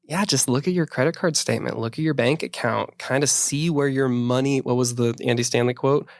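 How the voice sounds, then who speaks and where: A man's voice: medium pitch, brisk, creaky, dry recording. Male co-host, mid voice, rambling chat style, dry booth. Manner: rambling, many restarts. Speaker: podcast co-host. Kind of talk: casual podcast discussion.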